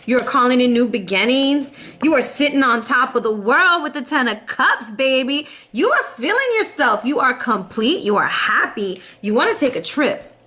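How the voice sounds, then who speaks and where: A young adult woman giving a casual tarot reading in an animated, sassy, playful way, laughing often. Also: high-pitched, normal speed, hardly any pauses. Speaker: tarot reader.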